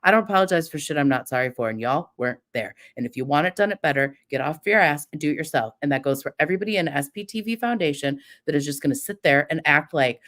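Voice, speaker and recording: A middle-aged woman hosts a livestream, ranting heatedly with defiant profanity and mocking imitations of her critics. Her low-pitched voice is expressive and fairly bright, and she talks fast with few pauses.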